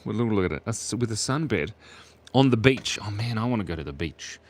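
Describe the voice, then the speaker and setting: A man's voice: on the low side, animated, brisk. An Australian man chatting playfully with viewers while drawing on a live stream.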